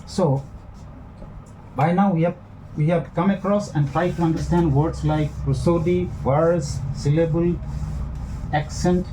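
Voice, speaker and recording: A man giving a classroom lecture, speaking in a measured way that repeats and rephrases each point. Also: fairly high pitch, fairly even intonation, dark tone, a little hiss or hum, poor audio. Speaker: English literature lecturer.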